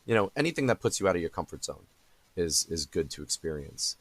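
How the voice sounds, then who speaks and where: A man's voice: sits low, very animated, brisk. A young adult man hosting a podcast in casual conversation, rambling with many fillers and restarts. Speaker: podcast host.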